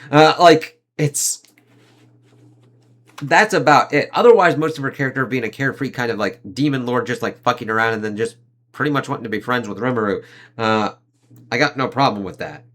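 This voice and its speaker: Dude rambling through an anime review, lots of swearing and "like, uh", mid-range voice, tosses in little character voices. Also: male voice, mid-range voice, a bit bright. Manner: rambling, profane, heavy on fillers like "like" and "uh"; quick vocal impressions of the characters he describes. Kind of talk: casual spoken review.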